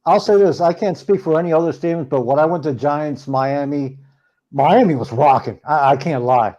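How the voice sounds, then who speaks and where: A man co-hosting a sports podcast, chatting casually with lively, emphatic interjections. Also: a little high, normal speed, highs cut off. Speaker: podcast co-host.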